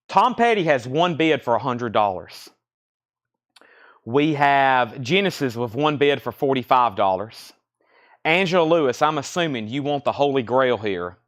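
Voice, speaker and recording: In a record shop, a man with a mid-range, fairly bright voice runs a live online vinyl sale, calling out lots and prices in easygoing auction patter and repeating the details.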